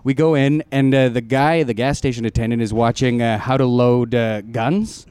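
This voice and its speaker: A man's voice: medium pitch, fairly even intonation, moderate pace, very noisy. A young man, a comedian, telling a rambling story in casual group chat, laughing often and acting out quotes.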